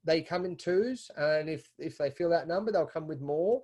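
Animated Australian man, fairly high voice. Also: moderate pace. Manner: animated, repeats words when heated. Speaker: podcast guest. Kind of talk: casual conversation.

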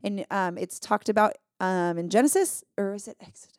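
A woman's voice: medium pitch, a little fast, clear, resonant tone, no echo, clean studio sound. A woman co-hosting a casual Bible study chat, earnest and emphatic, thinking aloud as she explains. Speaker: podcast co-host.

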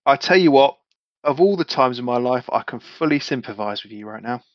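A man's voice: medium pitch, animated, fairly quick, no echo. A man playing his character in a tabletop game, with matey, swearing, laid-back banter. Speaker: player. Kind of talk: in-character tabletop role-play. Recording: slightly muffled, dry sound.

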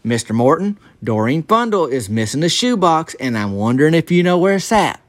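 A man voicing a young woman nursing home aide, calm and matter-of-fact. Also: on the high side, brisk.

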